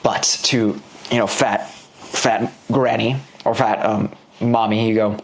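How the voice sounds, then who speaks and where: A man coaching viewers in an animated, playful motivational sales lesson, talking straight to the viewer. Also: on the low side, slow. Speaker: business coach.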